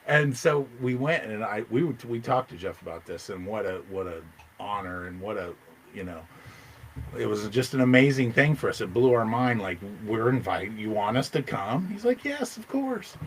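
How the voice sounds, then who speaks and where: Excitable storytelling man, faint hiss. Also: moderate pace, poor audio. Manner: excited, rambling, jumps into loud high quoted voices. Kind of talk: casual storytelling.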